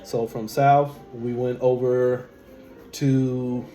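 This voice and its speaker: A man's voice: medium pitch, flat delivery, drawn-out words, warm tone, soft background music. Echoey man preaching energy lessons. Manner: emphatic, rhetorical questions, repeats key phrases. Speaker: spiritual teacher. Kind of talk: spiritual teaching monologue. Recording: echoey room with faint background hum.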